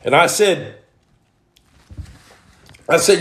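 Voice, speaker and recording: A man's voice: on the high side, lively intonation, unhurried. Blunt, streetwise man with roomy echo. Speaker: storyteller giving testimony. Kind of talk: personal testimony, preacher-like storytelling.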